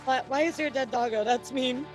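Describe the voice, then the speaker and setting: A woman streamer chatting casually as she reacts to a video, excitable and quick with laughs and asides. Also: high-pitched, faint music behind.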